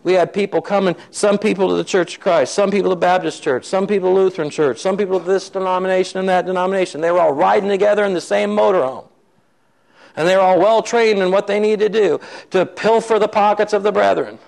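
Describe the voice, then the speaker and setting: Male preacher, slightly raised pitch, gravelly texture, animated storytelling sermon. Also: fast, poor audio. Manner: animated storyteller acting out quoted voices.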